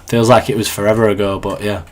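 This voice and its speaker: A Yorkshire man in his twenties chats casually on a live stream while gaming, reading viewer questions aloud. His voice sits on the low side with little pitch movement, he talks fast, and there's slight background noise.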